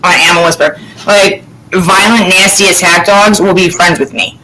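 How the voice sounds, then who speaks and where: A woman's voice: fairly low pitch, fairly even intonation, brisk, sharp tone, a little hiss or hum, poor audio. A woman hosting a casual chat, rambling and candid, swearing freely. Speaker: podcast host.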